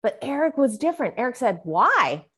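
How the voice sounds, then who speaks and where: A woman's voice: medium pitch, lively intonation, moderate pace. A woman guest reading an excerpt of her memoir aloud and talking about it, with earnest, vivid storytelling. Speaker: guest author. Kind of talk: memoir reading and interview chat.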